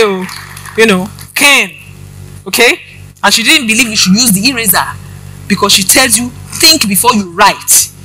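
A woman's voice: on the high side, sharp tone, slightly rough, rough recording. A woman preaching, giving a personal testimony and addressing the congregation directly with questions.

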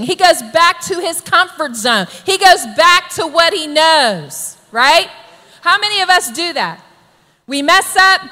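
A woman preacher delivering an emphatic, exhorting sermon that builds to shouted calls to the congregation. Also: high voice, long reverb tail.

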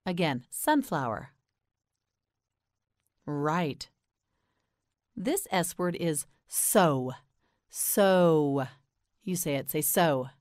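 American woman, pronunciation teacher, patient and encouraging, dry close sound, slightly low voice. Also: very animated, drawn-out words, pauses often, no room sound. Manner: patient, encouraging, repeats each word clearly. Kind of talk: slow scripted language lesson.

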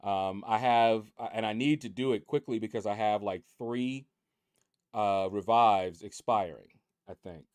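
A man's voice: fairly low pitch, unhurried, dry recording. A man hosting his mobile game channel, chatting in a rambling, easygoing way from a room at home. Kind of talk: casual chat over game leaderboards.

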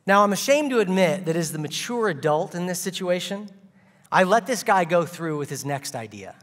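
Man, guest preacher, comic storyteller, high bright voice, echoing church hall. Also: normal speed. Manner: animated, comic storyteller with playful asides. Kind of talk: sermon with humorous storytelling.

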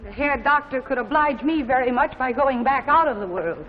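An actress playing a worried, sharp-tongued grown daughter speaking urgently, in a live 1950s TV drama. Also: female voice, sits high, lively intonation, moderate pace. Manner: tense, urgent. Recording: dull 1950s TV audio with faint noise.

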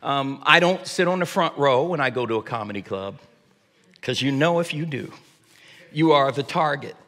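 A man preaching a sermon as pastor, with a high voice, often restarting his phrases. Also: animated, normal speed, fairly bright tone. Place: church sanctuary. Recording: long church reverb.

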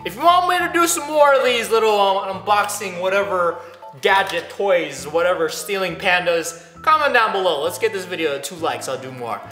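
A man's voice: high voice, normal speed. Guy doing a toy unboxing, super bouncy voice, coaxing and begging the toy, echoey room w music behind. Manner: animated, teasing and pleading with a toy. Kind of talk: playful unboxing vlog.

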